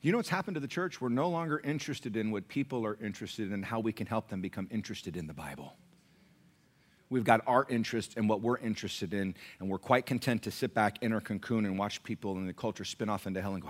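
A middle-aged American man preaching a sermon in a church, emphatic and joking, dropping to a hush and then rising loud. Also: on the low side, fast talker. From United States. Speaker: pastor.

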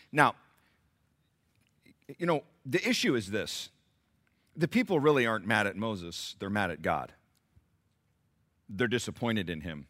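Animated preacher with a bright, lively voice. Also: male voice, measured pace, pauses often. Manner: dramatic preaching, swings from low and intimate to loud exclamations; acts out the voices of the people in the text. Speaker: pastor. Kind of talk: sermon.

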